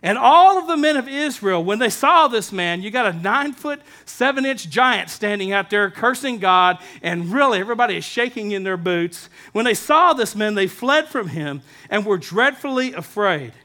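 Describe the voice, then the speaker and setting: A man delivers a sermon as pastor, talking straight to his congregation. His voice sits very high with a bright, forceful edge. He is lively, mixing jokes and asides into the preaching. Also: moderate pace, few pauses.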